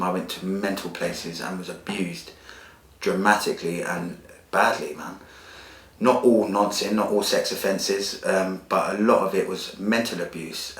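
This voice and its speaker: A very deep-voiced man, talking bluntly and with feeling, full of street slang and swearing. He tells his story as a podcast guest. The room around him is echoey. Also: a bit bright. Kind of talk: candid personal storytelling.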